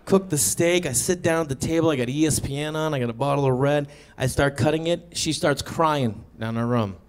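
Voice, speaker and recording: Animated male stand-up comic. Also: a little fast. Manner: animated storytelling with sudden high-pitched acted quotes. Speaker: stand-up comedian. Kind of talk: stand-up comedy set. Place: comedy stage before a live audience.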